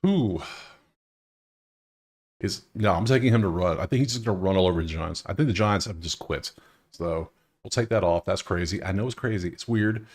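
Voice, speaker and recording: Young male host with a lowish voice for a casual betting breakdown, loose and chatty, thinks out loud. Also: moderate pace. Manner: loose, talking to himself, swears.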